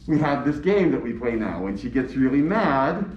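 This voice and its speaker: A man's voice: medium pitch, very animated, normal speed, slight background noise. Man lecturing in an echoey room. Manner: asks questions and answers them himself. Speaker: teacher. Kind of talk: classroom lecture. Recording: echoey room, distant mic, dull sound.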